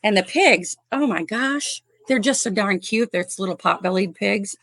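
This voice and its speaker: With lively intonation and a moderate pace, a medium-pitched woman from Chicago talks casually as a podcast guest about her animal rescue work. She's warm and talkative, laughs a lot, and leans on fillers; there's no room sound.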